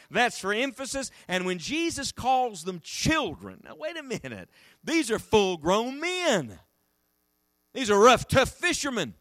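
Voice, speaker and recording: A middle-aged man preaching a sermon in an animated, emphatic way, voice rising and falling. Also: high voice, no echo, clean studio sound.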